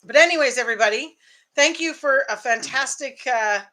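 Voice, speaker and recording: A woman's voice: high voice, normal speed, pushed and bright. A woman co-hosting a late-night homestead livestream from home, talking in a friendly, practical way. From Canada. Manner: friendly, practical, wraps up with thanks. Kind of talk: casual late-night live chat.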